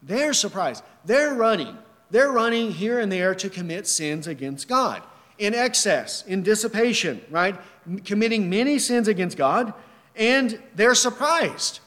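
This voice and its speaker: A male preacher delivers an emphatic sermon, asking and answering his own questions. His voice sits high for a man. It rings out with long reverb, as in a large hall. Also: expressive, unhurried, fairly bright tone. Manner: earnest, emphatic, repeats rhetorical questions.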